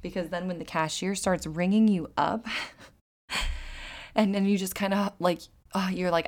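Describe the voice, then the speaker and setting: A woman's voice: on the low side, steady tone, measured pace, pauses often. A woman hosting a solo podcast in casual chat, rambling and giggling often, with self-deprecating humor. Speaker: podcast host.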